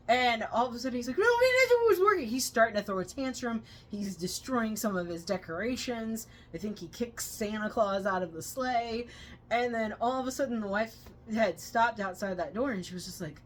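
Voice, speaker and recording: A woman co-hosting a movie review channel, retelling scenes with loud excited quotes. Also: fairly high pitch. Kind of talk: casual movie review chat.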